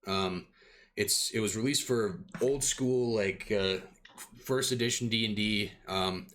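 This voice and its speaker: A man's voice: lowish voice, slow, a bit bright. A young man running a tabletop game, chatting casually and upbeat with many fillers. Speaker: game master.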